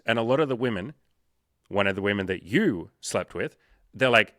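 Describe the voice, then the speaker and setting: A man's voice: lowish voice, moderate pace, no echo, clean studio sound. A young man hosting as a dating coach, talking bluntly and profanely, acting out quotes as he tells stories. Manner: blunt, profane, animated storytelling with acted quotes. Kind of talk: casual interview chat.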